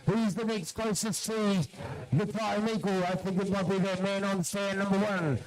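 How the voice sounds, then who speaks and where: A man's voice: high voice, fairly even intonation, normal speed, poor audio. A man giving live commentary at a shearing competition, calling out competitors' names and urging them on.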